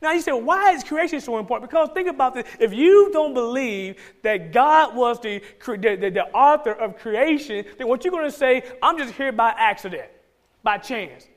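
A man's voice: extremely high pitch, animated, moderate pace. A man with a Georgia Southern accent preaching a sermon as pastor, emphatic and repeating key phrases for stress.

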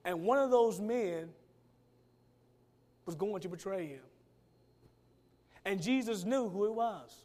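High-voiced man preaching with emphasis. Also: animated, darkish tone. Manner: preaching with rising and falling emphasis, drawn-out words; colloquial phrasing. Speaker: pastor. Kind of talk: sermon.

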